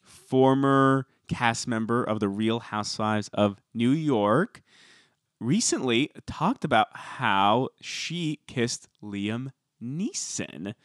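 A man's voice: medium pitch, animated, slow, dry recording, studio quality. A man co-hosting a podcast, chatting casually about celebrity gossip and reading quotes aloud. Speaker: podcast co-host. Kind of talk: casual chat.

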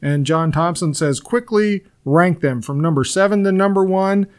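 A man's voice: sits high, normal speed, clean tone. A middle-aged man co-hosting a podcast in casual chat, making dry, wry asides. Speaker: podcast co-host.

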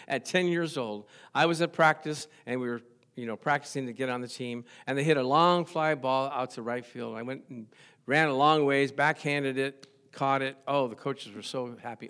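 A man's voice: mid-range voice, fairly quick, a bit bright, clean tone. An older man preaching a sermon as a pastor, telling stories animatedly and rising to exclamations.

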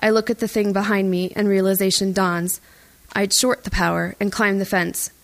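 A woman reading a first-person audiobook in a tense, even storytelling voice. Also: mid-range voice, normal speed. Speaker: audiobook narrator. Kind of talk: first-person scripted narration.

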